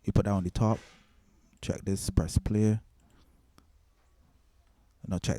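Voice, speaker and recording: Deep mellow guy rambling thru a mixing tutorial, lots of you knows and restarts. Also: lively intonation, takes it slowly. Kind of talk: casual screen-recorded tutorial.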